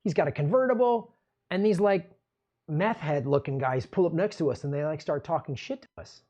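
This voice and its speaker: A man's voice: on the high side, lively intonation, fairly quick, darkish tone, lo-fi sound. Angry, profane male political ranter. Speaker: political commentary show host. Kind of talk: ranting political commentary.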